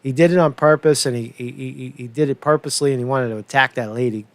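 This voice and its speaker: A man hosts a casual commentary show, swearing a lot, repeating himself and often checking in with "right?". He has a medium pitch and talks fast. There's no echo.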